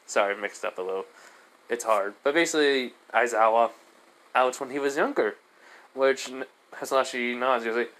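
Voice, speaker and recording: A man narrating a fan story off the cuff, with a mid-pitched voice. He rambles, corrects himself often and fills gaps with "you know" and "basically.". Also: a little fast, a bit bright. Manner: rambling, lots of fillers and self-corrections.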